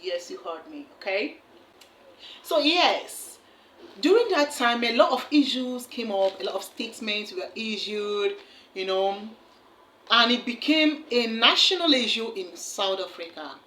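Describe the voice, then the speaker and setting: A woman's voice: on the high side, lively intonation, measured pace, sharp tone, reverberant, a little hiss or hum. A woman hosting a casual reaction video, chatty and often checking in with her viewers. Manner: chatty, keeps asking "okay?". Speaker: host.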